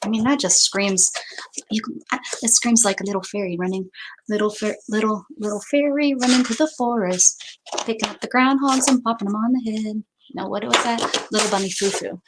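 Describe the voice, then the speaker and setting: A woman's voice: mid-range voice, normal speed. Chatty woman crafting at home. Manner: chatty, thinks aloud, trails off and restarts. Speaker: craft channel host. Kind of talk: casual crafting chat to viewers. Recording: noticeable background noise.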